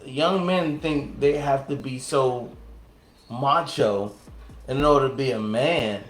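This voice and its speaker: A man of middle pitch co-hosting a casual chat, relaxed and rambling, with plenty of fillers and restarts. His voice rings in an echoey room with faint music underneath. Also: slow. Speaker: co-host.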